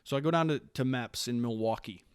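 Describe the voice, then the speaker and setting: A man's voice: medium pitch, a little fast, clean tone, no room sound, studio quality. A man in his late thirties from Wisconsin, a Marine staff sergeant who is the guest in a casual interview, telling stories with many restarts and acting out the lines people said to him. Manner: animated storyteller who acts out quoted lines, with frequent restarts.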